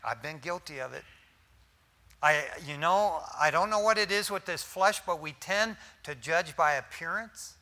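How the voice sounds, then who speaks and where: A man preaching a sermon as a pastor, folksy and animated, with slangy asides, swinging from loud emphasis down to near-whispers. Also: fairly high pitch, unhurried.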